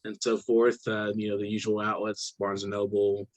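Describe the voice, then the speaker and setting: A man's voice: on the low side, completely flat delivery, normal speed, dry recording, lo-fi sound. A man hosting an interview, asking questions hesitantly with many fillers. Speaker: host.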